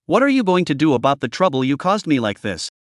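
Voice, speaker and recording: A man's voice: a little high, big pitch swings, fast, no echo, studio quality. A man voicing a blunt, cool-headed young woman who questions others sharply. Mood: cold.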